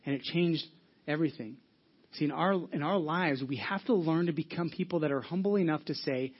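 Male pastor, fast and husky, conversational sermon with audience check-ins, dull lo-fi audio. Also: fairly high pitch. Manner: conversational, asks the audience questions, many restarts. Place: church hall with audience.

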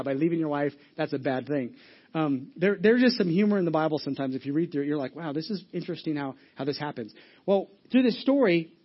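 A man's voice: a little high, highs cut off. A man pastor giving a conversational sermon, often acting out Bible characters with humor.

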